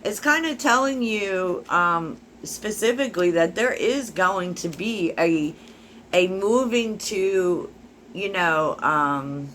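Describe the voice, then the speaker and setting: Musing woman tarot reader, low voice. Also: lively intonation, slow, a bit bright, a little hiss or hum. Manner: musing, talks to viewer with many fillers. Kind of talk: casual tarot reading.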